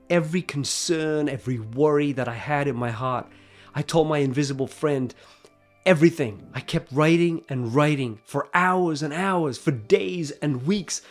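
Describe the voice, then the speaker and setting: A man with a fairly high voice tells his own story with lots of feeling. He swings from soft, hushed lines to emphatic ones, and faint music plays underneath. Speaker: storyteller sharing a personal faith testimony. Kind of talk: dramatic personal narration.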